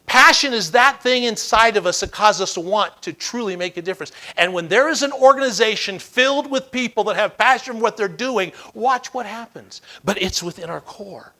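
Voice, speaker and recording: A man giving a motivational keynote speech, telling stories with dramatic, repeated emphasis that swings from loud to hushed. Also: high voice, moderate pace, hardly any pauses. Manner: dramatic storytelling with emphatic repetition. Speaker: keynote speaker.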